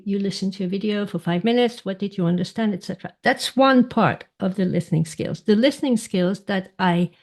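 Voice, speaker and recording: A woman's voice: medium pitch, a little mellow. Woman pronunciation coach, thoughtful pace. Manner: thoughtful, repeats words while searching for phrasing. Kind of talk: podcast conversation.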